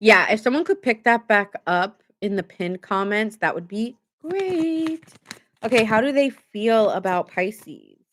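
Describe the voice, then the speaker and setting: Woman, casual tarot reader, chatty, laughs a lot, lively delivery, average pitch. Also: measured pace. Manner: chatty, laughs often, acts out quoted voices. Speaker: tarot reader streaming live. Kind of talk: casual live tarot reading.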